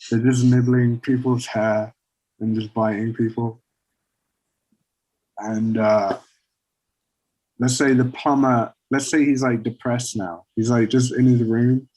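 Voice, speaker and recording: A man casually pitching a story idea to friends, rambling with lots of fillers. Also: flat delivery, takes it slowly, long pauses, darkish tone, poor audio. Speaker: podcast co-host pitching a story. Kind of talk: casual chat.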